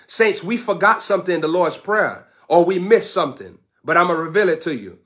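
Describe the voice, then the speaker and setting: A man's voice: high voice, expressive, brisk, few pauses, fairly bright tone. A man preaching a fervent sermon with repeated declarations, breaking into tongues.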